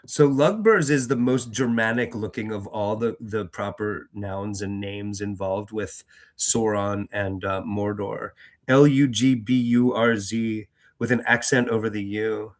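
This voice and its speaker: Man, book-reading host, casual rambling chat, lowish voice, frequent restarts. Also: a little slow. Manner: rambling, chatty, many fillers and restarts. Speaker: reader and host. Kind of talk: casual commentary between readings.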